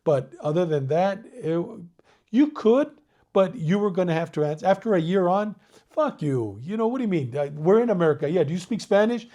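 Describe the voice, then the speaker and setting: Swapping stories in a relaxed interview, this older Mexican-born former police detective is lively and foul-mouthed, constantly saying "dude" and "you know what I mean." He talks briskly in a high voice, and the recording's highs are cut off.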